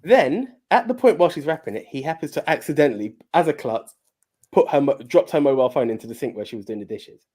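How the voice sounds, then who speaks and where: A man's voice: on the high side, lively intonation, fast, a little mellow. A man co-hosting a podcast, retelling a film in casual chat with stammering repeats and casual swearing. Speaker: podcast co-host.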